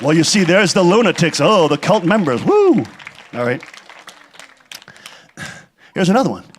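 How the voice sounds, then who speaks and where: A man's voice: high voice, expressive, fast, some chatter behind, slight background noise. A church leader, a man, giving rambling, sarcastic commentary and reading out viewer letters.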